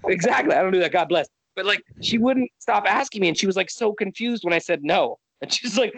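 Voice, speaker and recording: A man's voice: sits high, expressive, a little fast, few pauses, a bit bright, no room sound. A man from Canada co-hosting a podcast, chatting casually and ranting with exasperation. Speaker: podcast co-host. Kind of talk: casual chat.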